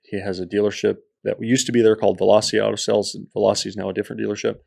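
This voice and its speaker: A man, an entrepreneur guest on a podcast, telling his story in a lively way and acting out the people in it. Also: lowish voice, rapid-fire, gravelly. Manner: animated storyteller who acts out quoted people. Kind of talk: storytelling interview.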